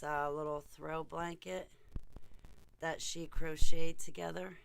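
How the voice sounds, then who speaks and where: A woman's voice: sits low, little pitch movement, takes it slowly, gravelly, a little hiss or hum. A woman vlogger chatting to viewers and telling a story while she works at a desk mic. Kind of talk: casual chat while filling capsules.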